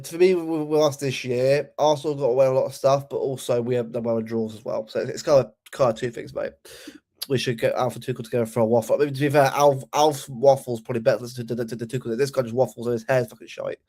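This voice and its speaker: A man's voice: mid-range voice, steady tone, fast talker, warm tone. A young man giving a heated, sweary football rant, often repeating and restarting his words. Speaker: football channel host.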